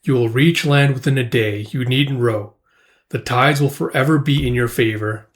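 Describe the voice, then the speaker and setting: Solemn ancient sea god granting wishes, measured and unhurried, a man reading it aloud. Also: medium pitch, close to an everyday voice. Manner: calm, measured pronouncements.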